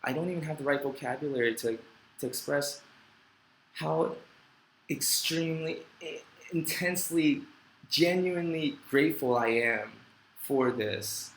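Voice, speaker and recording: A middle-aged man hosts a live Q&A stream at a desk microphone, reading viewer comments aloud and rambling heartfeltly with self-deprecating jokes. His voice is a little high and measured, with long pauses, in a roomy, low-quality recording.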